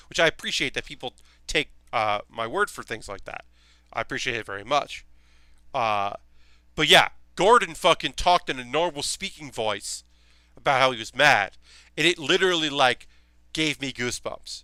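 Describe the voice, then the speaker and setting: A young man talks casually to his stream while he builds, rambling with plenty of ums and offhand swearing. His voice is bright and crisp. The sound is dry, with no room echo. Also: on the high side, expressive, normal speed. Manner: rambling, enthusiastic, swears freely, many fillers.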